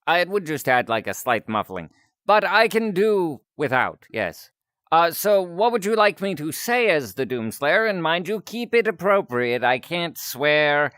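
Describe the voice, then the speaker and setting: A man chatting casually with his stream audience while taking requests, talkative and quick to laugh at himself. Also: on the high side, big pitch swings, a bit bright, smooth, no echo, studio quality. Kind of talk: casual chat.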